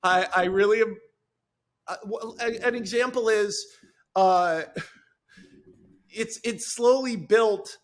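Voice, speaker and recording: A screenwriter talking on a podcast, telling a story with lively enthusiasm and frequent restarts. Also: male voice, high-pitched, slow, pauses often. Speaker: screenwriter guest. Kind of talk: podcast conversation.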